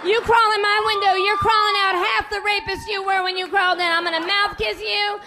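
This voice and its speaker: Brash, very high-voiced woman comic. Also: flat delivery, brisk. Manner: brash, defiant delivery. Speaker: stand-up comedian. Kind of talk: stand-up set. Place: comedy club stage. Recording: live club with loud crowd noise. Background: audience laughter.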